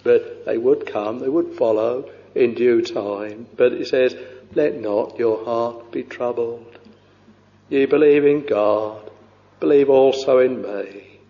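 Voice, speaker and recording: Old-fashioned preacher guy, slow and halting, lots of uh, dull lo-fi tape with long hall echo. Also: mid-range voice. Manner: slow, halting delivery with frequent uh and you know. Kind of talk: sermon with scripture reading.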